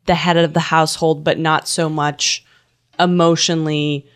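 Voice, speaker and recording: Smooth-voiced young woman, measured. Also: low voice, little pitch movement. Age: young adult. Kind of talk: casual chat.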